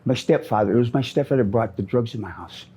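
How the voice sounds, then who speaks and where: A man's voice: mid-range voice, quick pace, dark tone, breathy edge. A middle-aged man from Minnesota answering interview questions on the street, rambling, repeating himself and often ending with "man.".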